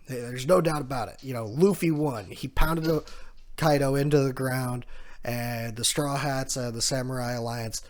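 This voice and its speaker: A man voicing a boisterous old male cat warlord in a casual manga recap, shouting the win out to a crowd. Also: medium pitch, fairly even intonation, moderate pace, lightly acted. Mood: triumphant.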